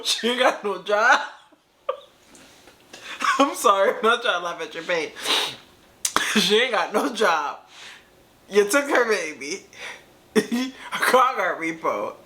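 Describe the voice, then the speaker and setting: A woman hosts a casual reaction video, speaking straight to the storyteller with a slangy, teasing delivery and frequent laughter. Her voice sits high and bright, and her pitch jumps around with animated energy. She sounds like she's chatting with friends.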